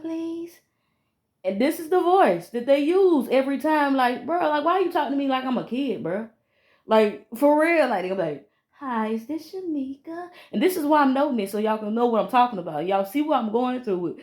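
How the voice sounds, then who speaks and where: A woman's voice: on the high side, lively intonation, fast talker, darkish tone. A woman, venting emphatically to a phone camera in a casual vlog and repeating herself. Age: 30s. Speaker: vlogger.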